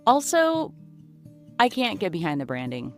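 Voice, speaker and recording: A woman's voice: deep voice, animated, moderate pace, faint music behind. A woman hosting her own podcast alone, chatting casually in a goofy, self-mocking way, recorded in a small closet. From United States. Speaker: podcast host and comedian. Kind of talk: casual solo podcast chat.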